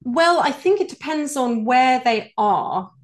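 British woman, voice coach guest, earnest explainer, a touch high-pitched. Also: animated, unhurried. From United Kingdom. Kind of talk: interview answers.

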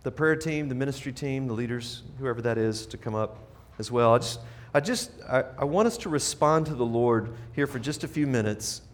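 A man's voice: mid-range voice, lively intonation, normal speed. A middle-aged man preaching a sermon in a church, earnest and conversational, often restarting his sentences as he speaks to the congregation. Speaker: pastor. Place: church sanctuary.

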